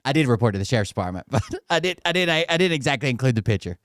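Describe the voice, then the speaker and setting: This commentary host from Tennessee talks very fast in a mid-range voice with big pitch swings and a slightly bright tone. He riffs casually on the clips he shows, full of sarcasm and cursing, and the studio sound is clean with no echo.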